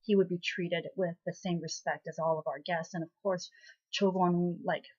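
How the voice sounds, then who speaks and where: A woman's voice: lowish voice, flat delivery, normal speed, husky. A woman hosting a casual spoken recap of a drama episode, chatty and full of fillers and asides. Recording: slightly muffled lo-fi recording.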